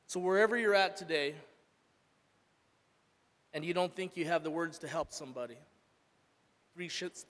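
Earnest man preaching in an echoing hall. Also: on the high side. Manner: earnest, swells loud then drops soft. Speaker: church speaker, father. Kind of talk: emotional sermon testimony.

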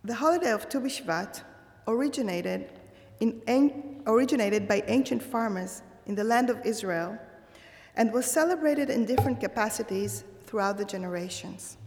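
A woman giving a slow, measured and thoughtful holiday sermon. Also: fairly high pitch, darkish tone, in a large hall, a little hiss or hum. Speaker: religious speaker.

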